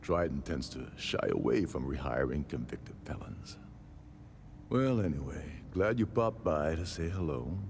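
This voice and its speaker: A wry, resigned old ex-captain. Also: male voice, a bass voice, expressive, background noise, full character voice. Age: older. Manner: wry, sardonic, measured. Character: older male jailed ex-captain, dry and resigned. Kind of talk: game character dialogue.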